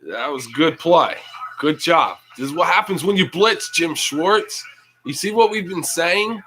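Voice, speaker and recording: A young man hosting a livestream, casually reacting to a live football game, reading chat aloud and yelling at big plays. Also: fairly high pitch, lively intonation, a little slow, poor audio. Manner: casual, slangy. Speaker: livestream host.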